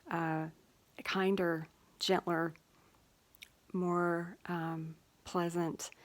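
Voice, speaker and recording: A woman hosting her own channel, giving a gentle, reflective spiritual talk with many fillers and pauses. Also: lowish voice. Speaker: channel host.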